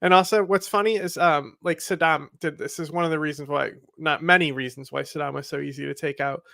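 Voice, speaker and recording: A man's voice: on the high side, steady tone, a little fast, creaky, pushed and bright, dry recording, studio quality. A man co-hosting a livestream, chatting bluntly and sarcastically about news clips and swearing freely. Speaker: co-host. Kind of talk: casual political chat over news clips.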